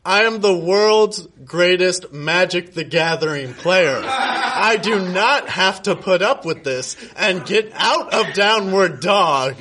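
A man putting on a high, purring lover's voice. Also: slow pace, bright, forceful tone, heavily acted. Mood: indignant cooing. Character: male lover Kyle, sultry and indignant. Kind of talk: comic fan fiction reading at a live show.

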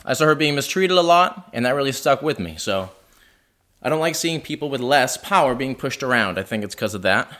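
Animated, self-mocking male storyteller. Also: mid-range voice, brisk. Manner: self-deprecating, animated, wry. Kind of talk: live personal storytelling. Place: living room house show.

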